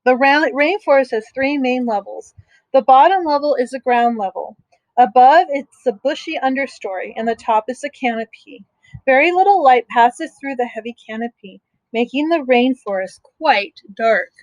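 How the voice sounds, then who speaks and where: A middle-aged woman teacher reads a picture book aloud to young children and stops to explain things gently and simply. Her voice sits a little high. It is recorded close and dry, with no room sound. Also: moderate pace, no echo, poor audio.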